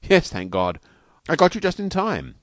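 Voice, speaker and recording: A man's voice: on the high side, wildly swooping pitch, normal speed, no room sound, clean studio sound, pitched above the performer's own voice. A man reading aloud, voicing an agitated young husband who pleads and frets. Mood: relieved. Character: anxious young husband, an artist.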